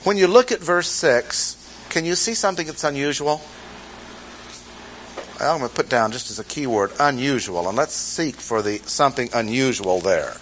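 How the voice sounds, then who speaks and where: A man's voice: medium pitch, lively intonation, moderate pace, a bit bright, poor audio. A male Bible teacher in the middle of a sermon, with a mid-range voice that keeps returning to the same key phrases. He presses each point and turns to the listeners with questions. Faint noise sits under the recording. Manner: emphatic, repeats key phrases, asks the audience questions. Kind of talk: expository sermon.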